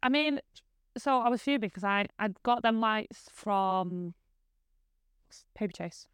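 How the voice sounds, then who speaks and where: Fast-talking northern English woman. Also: medium pitch, clean tone, dry recording, clean studio sound. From northern England. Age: 30s. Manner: fast, chatty, swears freely, laughs often. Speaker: podcast host. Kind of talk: casual chat. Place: living room at home.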